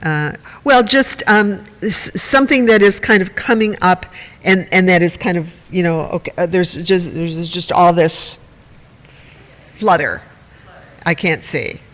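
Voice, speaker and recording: A meditation teacher with a high, fairly bright voice gives a dharma talk to a group at a measured pace. He is chatty and wry, pokes fun at himself, and makes asides to the audience, while the hall adds a long reverb.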